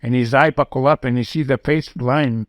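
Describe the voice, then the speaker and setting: A man's voice: medium pitch, fairly even intonation, no echo, studio quality. Rambling older man telling his story. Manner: rambling, halting, acts out the voices in his story. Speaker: storyteller recalling his youth. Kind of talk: casual spoken memoir.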